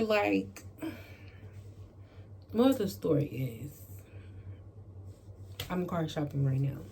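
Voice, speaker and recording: A woman vlogger tells a casual storytime. She is animated, with plenty of "like" and swearing. A faint hum of noise sits behind her in a home bedroom. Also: medium pitch, gravelly.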